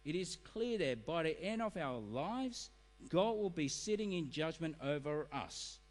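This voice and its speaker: A middle-aged man preaching a sermon, animated and acting out excuses in quoted voices. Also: on the high side, unhurried. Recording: reverberant hall.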